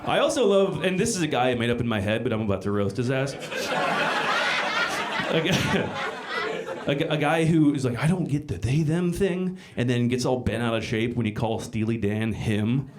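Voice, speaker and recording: A middle-aged man performs stand-up in a small club, his pitch leaping up and down as he punches his lines. Loud noise sits under the recording. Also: moderate pace, a crowd in the background. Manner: animated, bursts of loud emphasis. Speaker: stand-up comedian. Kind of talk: live stand-up set. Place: small comedy club with audience. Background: audience laughter.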